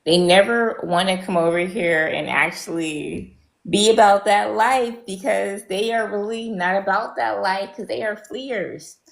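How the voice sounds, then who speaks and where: A woman's voice: mid-range voice, a little slow, creaky, reverberant, low-quality recording. A woman speaking bluntly and scornfully on an online panel, with many ums and restarts. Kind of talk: opinionated online panel talk.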